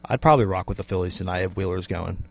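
A man's voice: low voice, fast, creaky. A man on sports radio giving hedged game predictions in casual chat.

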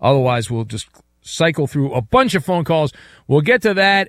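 A man's voice: a little high, big pitch swings, normal speed, fairly bright tone, no room sound. Man, radio talk host, teasing and jokey, bouncy up-and-down voice, dry close mic. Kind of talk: casual radio chat.

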